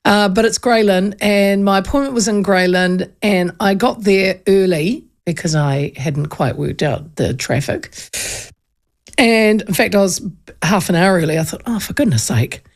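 Casting: New Zealand woman, radio host, gravelly edge, animated storyteller who does voices. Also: mid-range voice, unhurried. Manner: lively, animated, acts out voices in anecdotes.

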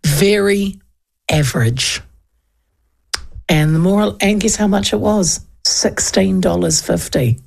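Chatty New Zealand woman with a gravelly voice. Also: medium pitch, slow pace, long pauses. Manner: animated, chatty, laughs often. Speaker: radio host. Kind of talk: casual storytelling chat.

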